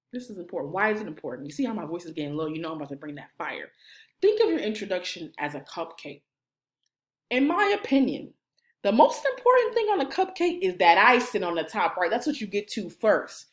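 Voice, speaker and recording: A woman, a college career services director, coaching viewers through cover letters on camera in an animated, playful way, talking straight to the viewer. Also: fairly low pitch. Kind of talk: energetic instructional video.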